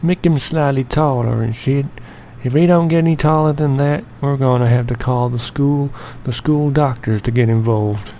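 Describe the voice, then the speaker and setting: Man, gravelly fry, mellow dark tone, slangy profane rambling, casual editing commentary. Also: medium pitch, moderate pace, hardly any pauses, a little hiss or hum. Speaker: editing tutorial narrator.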